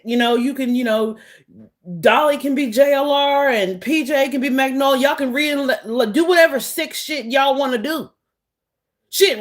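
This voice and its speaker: A woman vlogger speaking in a heated, blunt, sarcastic monologue. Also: high voice. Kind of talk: casual monologue to camera.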